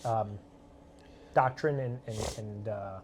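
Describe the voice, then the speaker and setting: A man's voice: lowish voice, slow, a little mellow, a little hiss or hum. A young man co-hosting a casual chat outdoors in the snow, rambling and restarting his sentences, laughing now and then. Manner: rambling, self-interrupting, laughing. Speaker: co-host. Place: outdoors in snow at a shooting range.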